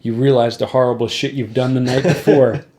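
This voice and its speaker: A man's voice: medium pitch, a little fast. A man hosting a podcast, casually telling a wry road story to his guest and acting out the people in it. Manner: wry anecdote-telling, animated when acting out quotes. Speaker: podcast host and musician.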